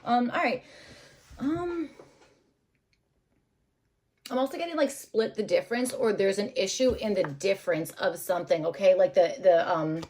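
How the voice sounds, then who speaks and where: A woman's voice: mid-range voice, moderate pace, pauses often, a little mellow, a little hiss or hum. Woman, tarot reader, casual, hesitant, lots of filler words, mid-range voice. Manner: rambling, hesitant, many fillers and laughs.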